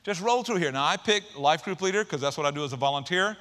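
A man preaching a sermon in church, energetic and conversational, with jokes and casual asides to the congregation. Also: on the high side, fast talker. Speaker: pastor.

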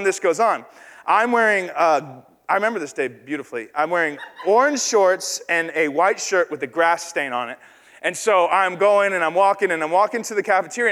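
A man preaches in a large hall, and his high, bright voice rings out into a long reverb. He tells a story that pokes fun at himself and puts on the voices of the people in it. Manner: self-deprecating storytelling, acts out quoted voices. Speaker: pastor. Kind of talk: sermon with personal story.

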